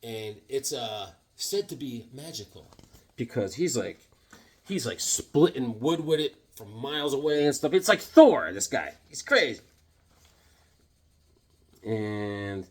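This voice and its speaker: Rambling, excited man showing comics. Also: mid-range voice, takes it slowly, long pauses. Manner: enthusiastic, rambling, with many fillers and asides. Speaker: comic book collector vlogger. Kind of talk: casual show-and-tell.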